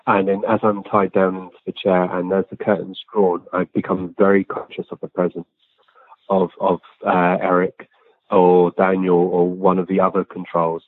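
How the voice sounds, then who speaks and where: The guest here, a man who is a physical medium, has a deep voice that barely moves in pitch and runs at a normal speed. He tells relaxed stories plainly and earnestly, often saying um and starting over, heard through a dry, tinny phone connection.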